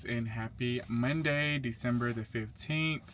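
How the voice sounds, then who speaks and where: A man's voice: mid-range voice, moderate pace, fairly bright tone. A man vlogging casually to camera as a truck driver, chatty and sassy, calling viewers babes and honey. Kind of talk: casual vlog chat to camera. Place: small room, at home or in a truck cab. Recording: echoey room, faint background noise.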